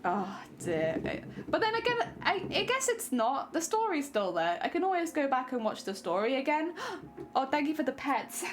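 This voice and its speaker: A woman's voice: sits high, sing-song, moderate pace, faint music behind. A young woman streaming, chatting casually with her audience, laughing often and trailing off mid-thought.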